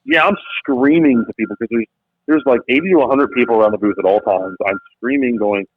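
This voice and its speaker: A man, a business founder and podcast guest, telling a story in lively conversation and acting out quotes in different voices. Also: mid-range voice, brisk, dry recording. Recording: tinny phone-like line, dry.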